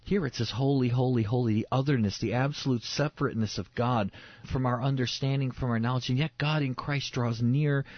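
Husky guy preaching, punchy repeated lines, dry dull lo-fi sound. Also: medium pitch, fairly even intonation, brisk, no echo. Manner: emphatic, repeats key phrases for stress. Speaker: preacher on a faith show. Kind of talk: sermon-style Bible teaching.

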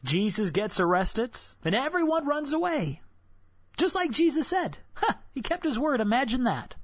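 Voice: high-pitched, very animated, normal speed, slightly rough, dry recording. Whispery, conversational preacher, lo-fi sound. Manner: conversational, drops to a hushed whisper for solemn points. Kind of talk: devotional sermon. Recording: dull, dry lo-fi recording.

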